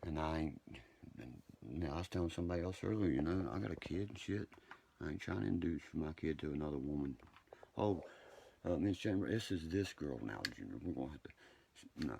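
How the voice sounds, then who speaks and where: Man, rough and low, who rants and then apologizes on a live stream. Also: expressive, fairly quick, a little hiss or hum. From West Virginia. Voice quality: deep gravelly voice. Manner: profane, agitated, swings between ranting and quiet apology. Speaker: social media live streamer. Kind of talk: rambling live-stream chat.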